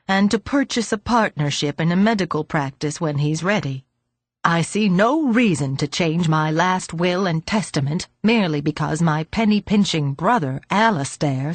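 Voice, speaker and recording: A woman's voice: on the low side, no room sound. A woman reading an audiobook, voicing a very old man who speaks dryly and fretfully. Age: older. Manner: dry, fretful.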